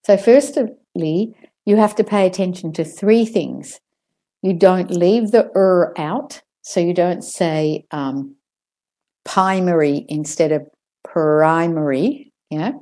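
A woman teaching English pronunciation, carefully modelling words and repeating them slowly. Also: fairly low pitch, warm tone. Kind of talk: pronunciation lesson.

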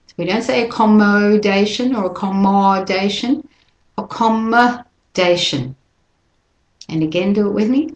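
Slow, patient woman teaching pronunciation. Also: on the low side, echoey room. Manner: slows down to model words, repeats them for listeners to copy. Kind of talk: slow, deliberate teaching with drills.

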